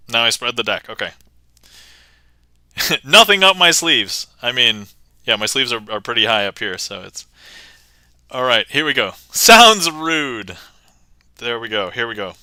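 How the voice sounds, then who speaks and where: A man's voice: mid-range voice, pushed and bright, dry recording. A man performing card magic on a livestream, chatting playfully with viewers, laughing often and thanking them by name. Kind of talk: casual livestream patter.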